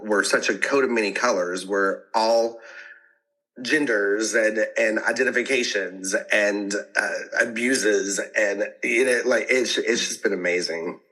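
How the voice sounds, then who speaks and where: Guy on a podcast, lowish voice but bright, animated, laughs a lot, restarts sentences. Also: low-quality recording. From American South. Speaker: podcast guest. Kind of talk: casual podcast interview.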